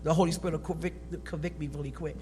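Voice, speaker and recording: A woman on a church panel, talking in a lively, emphatic and colloquial way. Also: low-pitched, fast, long reverb tail, a little hiss or hum. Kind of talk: panel discussion.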